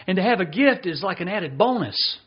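A man preaching a sermon as pastor, reading passages and slowing down to stress his points. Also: sits high, sing-song, slightly rough, muffled recording.

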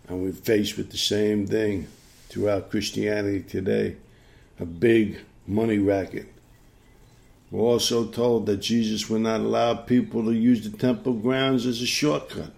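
A male preacher delivering a sermon in a gravelly, somewhat low voice. He hammers his points home, repeating key phrases and firing off rhetorical questions at the congregation. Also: darkish tone.

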